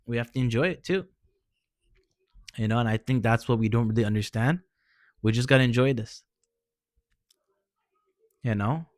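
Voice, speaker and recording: A man's voice: medium pitch, normal speed, long pauses, dry recording, clean studio sound. Earnest man giving casual pep talk. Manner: informal, peppers speech with "man" and "bro"; earnest, encouraging. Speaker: vlogger sharing personal experience. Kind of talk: casual heartfelt advice talk.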